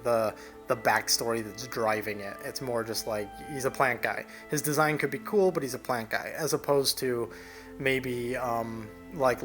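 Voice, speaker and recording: A man's voice: medium pitch, a bit bright. A young man casually narrating over his digital painting, rambling loosely with plenty of fillers and restarts.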